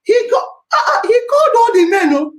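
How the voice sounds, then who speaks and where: A woman's voice: very high voice, sing-song, moderate pace. A Nigerian woman hosting a podcast, telling a story with lots of laughter and exclamations, mixing pidgin into her English as she reads out and answers her listeners' comments. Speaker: podcast host. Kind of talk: animated storytelling and live chat. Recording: roomy echo.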